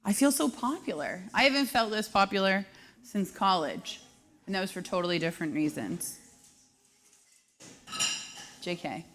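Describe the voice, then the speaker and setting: A woman in her thirties hosting a live show, telling brash, self-deprecating comic stories at a quick clip. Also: mid-range voice, animated, a bit bright. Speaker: host. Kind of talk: live comedic storytelling.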